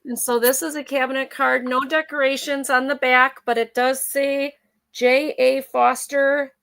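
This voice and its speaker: A middle-aged woman hosts a live vintage sale in a relaxed, chatty way. Her voice is bright and a little high, and she takes her time, describing each old photo piece by piece. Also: measured pace, vocal fry. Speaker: host selling vintage photos. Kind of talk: casual live sale chat.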